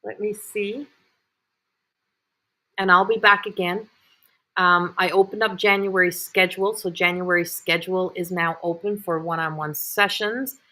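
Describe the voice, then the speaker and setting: A woman's voice: fairly low pitch, fairly even intonation, a little slow, pushed and bright. A woman hosting live intuitive readings, talking in a rambling, repetitive way with many fillers and restarts. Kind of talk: live-streamed psychic reading.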